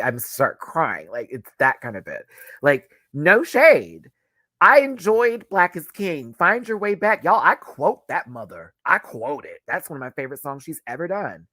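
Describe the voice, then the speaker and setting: A man's voice: medium pitch, bright, forceful tone, dry recording. A man giving a casual livestream album review, gushing and emotional, close to tears at times. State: tearful. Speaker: music reviewer.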